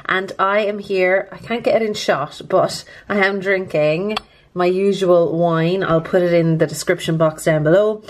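A woman's voice: lowish voice, fairly even intonation, a little slow, a little hiss or hum. A woman chatting to camera close up about her nails, nervous but upbeat and self-deprecating. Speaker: nail art vlogger. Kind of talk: casual chat to camera.

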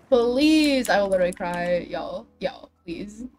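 A young woman with a medium-pitched, darkish voice speaks slowly and expressively as she livestreams a building game. She jokes at her own expense and chats dramatically with her viewers while faint music plays.

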